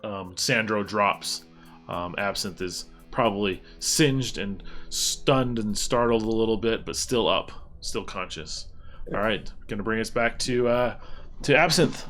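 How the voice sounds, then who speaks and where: A man narrating as game master of a tabletop game, in a relaxed, easygoing way with many pauses. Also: lowish voice, soft background music.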